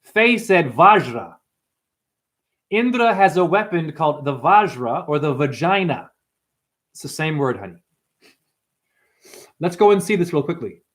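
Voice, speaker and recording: A man with a somewhat high voice rambles through a livestream, swearing freely. He jumps from topic to topic and throws quick asides to his chat. He calls viewers "honey" and "dumbass". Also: very animated, a bit bright. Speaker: livestream host.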